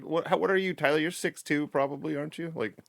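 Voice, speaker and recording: A middle-aged man co-hosting a podcast in casual chat, animated, swearing and laughing often. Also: fairly high pitch, fast, vocal fry, no echo, studio quality. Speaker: podcast co-host.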